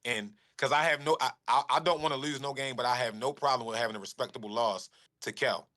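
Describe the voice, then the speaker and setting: Bright-voiced man telling game stories. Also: mid-range voice, quick pace. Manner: animated storytelling with slang. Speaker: guest. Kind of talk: casual interview.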